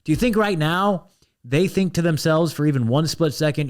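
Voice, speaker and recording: A man's voice: fairly high pitch, moderate pace, clean tone. An American man hosting a commentary show, ranting bluntly with restless restarts and asides. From United States. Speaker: host.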